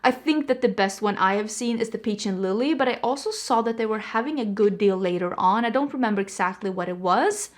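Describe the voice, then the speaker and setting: A woman's voice: mid-range voice, a little fast, few pauses. A woman vlogger chatting casually about products, rambling with frank opinions, her voice a little stuffy from allergies. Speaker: beauty vlogger. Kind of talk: casual product review chat. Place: indoors at home.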